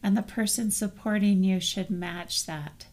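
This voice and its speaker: A middle-aged woman co-hosting a casual talk on grief, telling a family story in a gentle, reflective way. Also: mid-range voice, fairly even intonation, measured pace. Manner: gentle, storytelling, soft trailing phrases. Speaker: co-host.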